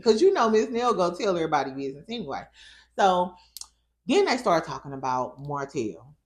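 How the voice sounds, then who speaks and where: A woman's voice: on the low side, big pitch swings, a little fast. A woman with a St. hosting a casual recap of a reality show, sassy and profane, laughing often. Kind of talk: casual reaction commentary.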